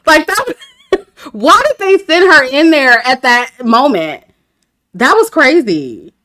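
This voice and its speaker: A woman's voice: high-pitched, sing-song, takes it slowly, pushed and bright. A woman, talking casually to her chat about a dating show, candid and laughing often. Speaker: reality TV commentator. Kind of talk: casual review livestream.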